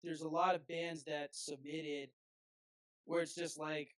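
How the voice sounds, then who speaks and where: A man's voice: on the high side, flat delivery, a little slow, rough recording. A man, a band's frontman, chatting as a podcast guest in a laid-back way, full of "like" fillers. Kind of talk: casual podcast chat.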